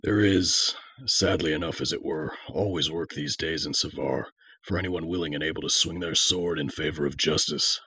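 A man's voice: rumbling low, normal speed, bright, forceful tone, husky, dry recording, heavily acted. A man voicing a regal male general who speaks in a potent, stoic, dry manner.

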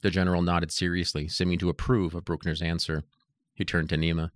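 A man narrating an audiobook in a steady, even reading voice. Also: low-pitched, brisk, no echo, studio quality.

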